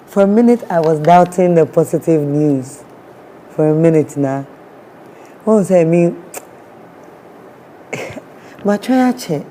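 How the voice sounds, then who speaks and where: A woman's voice: low voice, expressive, moderate pace, pauses often, mellow, a little hiss or hum. A woman with a Ghanaian accent, a guest sharing a personal story with feeling. She acts out what people said and mixes in Twi words.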